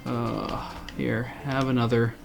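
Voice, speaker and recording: A man's voice: mid-range voice, level tone, slow, gravelly, over music. A man streaming a farming game, chatting casually with his viewers and poking fun at himself. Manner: chatty, self-deprecating, answers chat. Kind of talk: casual game commentary to chat.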